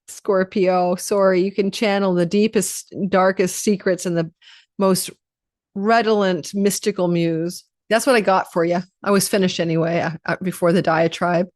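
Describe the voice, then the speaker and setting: A woman's voice: mid-range voice, fairly even intonation, normal speed, a little mellow, no room sound, studio quality. A woman astrologer giving a casual, rambling forecast, chatty and prone to digressions.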